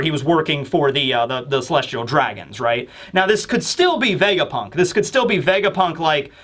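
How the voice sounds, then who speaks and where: A chatty man recapping a manga chapter in a loose, rambling way. His voice sits a bit higher than most men's, and he keeps things casual with plenty of filler words. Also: a bit bright. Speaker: manga review host.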